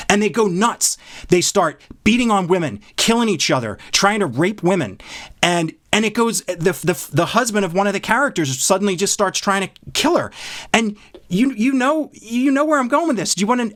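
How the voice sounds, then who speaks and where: A man in casual podcast chat who gets fired up as he talks. His voice sits a little high and climbs even higher when he is excited. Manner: animated, worked up, rising pitch when excited. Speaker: podcast co-host.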